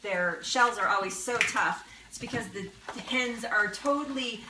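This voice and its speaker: This time the cooking show host has a medium-pitched voice and talks a little slowly. Cooking live at her kitchen stove over a sizzling frying pan in a noisy setting, she remains bubbly and chatty, often laughing with her viewers.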